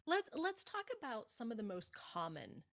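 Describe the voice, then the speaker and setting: A woman speaking as a public speaking coach in an interview, giving emphatic, animated advice and acting out example phrases. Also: fairly high pitch, moderate pace, crowd noise.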